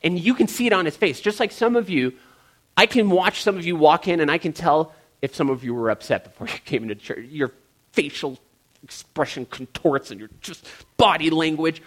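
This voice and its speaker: A male pastor delivers a sermon in a relaxed, humorous, conversational style. His voice sits a little high for a man, and he keeps speaking directly to his listeners as guys. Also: moderate pace.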